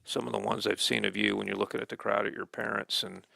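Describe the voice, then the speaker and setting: A man's voice: fairly low pitch, little pitch movement, fast, creaky, pushed and bright, no echo. A man hosting a local sports talk show, interviewing a young wrestler in a chatty, jokey way. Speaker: host.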